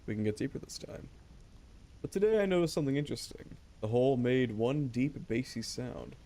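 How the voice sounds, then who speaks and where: A man's voice: medium pitch, expressive, fairly quick, mellow, slight background noise. A man streaming a game, rambling and joking back and forth with his chat. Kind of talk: casual gameplay commentary.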